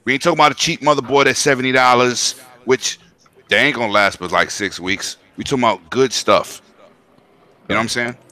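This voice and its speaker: On a home mic, a man hosts a casual gaming podcast, chatting in an emphatic, slangy style with quick interjections. His mid-range voice sounds pushed and bright.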